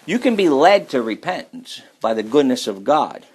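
A man delivers a sermon with an emphatic, repetitive drive. He drops to a crawl to press home his main points. His voice sits at an ordinary middle pitch. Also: big pitch swings, darkish tone, slightly rough. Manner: emphatic, repeats key phrases, slows down to stress points. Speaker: preacher.

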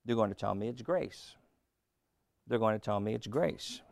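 A man's voice: on the low side, expressive, moderate pace, creaky, no room sound. A man preaching a sermon, emphatic and rhetorical, firing questions at the congregation and repeating phrases for effect.

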